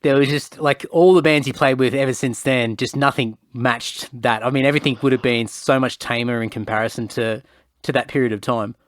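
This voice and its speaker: A male podcast host chats easily with his guest, tossing in relaxed comments and quick laughs. His voice is mid-pitched and the sound is dry and close. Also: no room sound. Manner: laid-back, laughing reactions. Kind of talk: casual interview chat.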